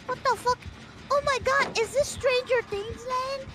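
A woman's voice: very high voice, fairly even intonation, unhurried, over music. A woman playing a game with friends, chatty and giggly with playful reactions. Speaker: co-player. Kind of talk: live gameplay chat.

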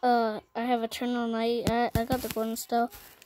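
A female gaming channel host in a casual vlog, listing items one by one with plenty of ums and pauses. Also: on the high side, completely flat delivery, darkish tone, slight background noise, low-quality recording.

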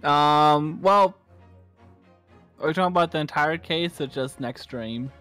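Chatty higher-voiced man on a stream. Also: bright, forceful tone, clear, resonant tone, faint music behind. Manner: chatty, laughs easily, quick asides. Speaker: guest co-streamer. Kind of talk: casual stream chat.

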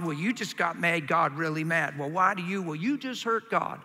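A man preaching a sermon with passion, swinging from quiet, confiding lines to loud, urgent ones. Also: fairly high pitch, normal speed, few pauses, soft background music. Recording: hall reverb.

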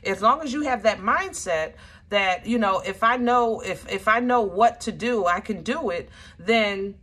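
A woman's voice: medium pitch, measured pace, fairly bright tone. A woman giving a casual, chatty tarot reading to her viewers, emphatic and often searching aloud for the right word. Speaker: tarot reader.

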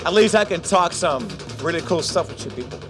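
A man's voice: fairly high pitch, expressive, fairly quick, over music. A man presenting a live casino game, chatting playfully with viewers and joking between rounds. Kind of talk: lively chat with viewers while running a game.

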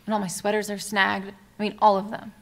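An actress as a hushed, fretful young woman. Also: medium pitch, monotone, creaky, close to an everyday voice. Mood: worried. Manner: soft, hushed, halting. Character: anxious young woman venting to her partner. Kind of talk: comedy short film acting.

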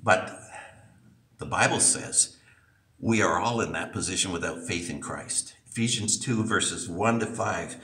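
A man's voice: deep voice, measured pace, pushed and bright. A man preaching a sermon, emphatic and repeating points for stress, in an echoey church heard from a distance.

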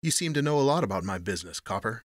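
A man's voice: fairly low pitch, sing-song, rapid-fire, no echo, studio quality. A man voicing a wary, sardonic gangster in an audiobook, with clipped, snarling tough-guy talk. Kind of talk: audiobook reading.

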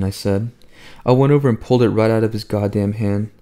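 A man narrating a novel in the first person, his voice pitched low and mellow. He reads in a conversational, wry manner, as if telling the story himself. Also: steady tone, a little fast. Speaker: audiobook reader.

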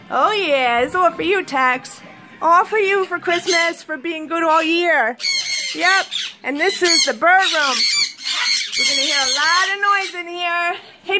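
A woman keeper talking in sing-song baby talk to her pet birds in an indoor bird room, coaxing them to say hello. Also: very high-pitched. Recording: loud bird squawks around her. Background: birds squawking and chattering.

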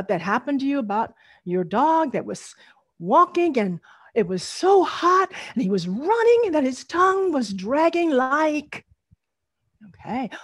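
Animated woman teaching a storytelling workshop. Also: sits high, no echo. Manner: animated, teacherly, drawn-out emphasis. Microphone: video call.

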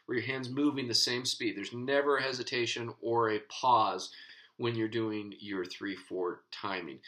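A man's voice: medium pitch, moderate pace, sharp tone, rough recording. A man teaching guitar in an instructional video, patiently explaining and counting beats aloud as he strums.

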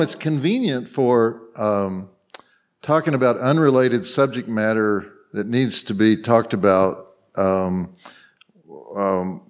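A man telling loose anecdotes to a live convention audience, circling back with fillers and restarts. He chuckles often, and his voice sits in an ordinary middle range. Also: medium pitch. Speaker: panel guest. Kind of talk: anecdotal storytelling on a live panel. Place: convention panel room.

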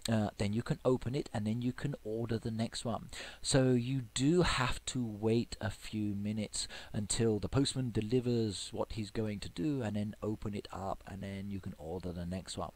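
A man with a fairly low voice gives casual commentary while he plays a farming game. He talks chattily to his viewers, often leaping high with excitement or dropping into a hushed whisper as he waits for a delivery. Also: moderate pace. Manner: chatty, playfully excited, with squeals and sudden whispers. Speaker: game video creator. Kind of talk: gameplay commentary.

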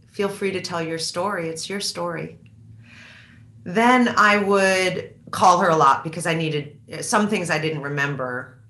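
A woman in her fifties, an author, speaks in a deep, sharp voice with a roomy sound. Interviewed onstage in a candid conversation, she's reflective and halting, often restarting her sentences.

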